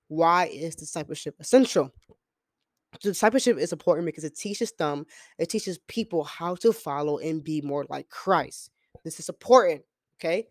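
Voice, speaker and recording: A man's voice: fairly high pitch, no room sound, studio quality. A young man hosting a casual podcast, telling a story with emphasis, repeating key phrases and acting out the dialogue. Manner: acts out quoted dialogue in storytelling. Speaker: podcast host and missionary student.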